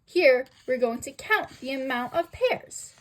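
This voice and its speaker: A woman's voice: high-pitched, animated, slight background noise. A young woman presenting a school lesson, reading carefully with rhetorical questions. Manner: slow, sing-song reading with rhetorical questions. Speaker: student presenter.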